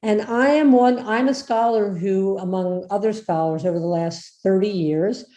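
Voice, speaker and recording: A woman professor giving an informal lecture, chatty and lively, asking her listeners questions as she goes. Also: mid-range voice, normal speed. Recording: echoey room.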